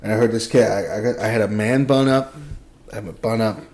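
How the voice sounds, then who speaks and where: A man's voice: fairly low pitch, fairly quick, a little mellow. A young man co-hosting a podcast, ranting and joking in a loose, profane, rambling way. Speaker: podcast co-host. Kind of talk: casual podcast chat.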